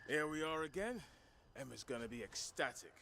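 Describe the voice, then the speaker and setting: A man's voice: a little high, animated, moderate pace, creaky, pushed and bright, heavily acted. An actor voicing a weary, sardonic male survivor in a video game. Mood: wry. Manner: sardonic, dry. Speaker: game character.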